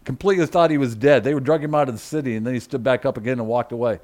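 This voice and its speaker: Speaking rapid-fire at a medium pitch, with slight background noise, a pastor delivers his sermon through emphatic, repetitive lists. He alternates between loud preaching and muttering quiet asides to his congregation.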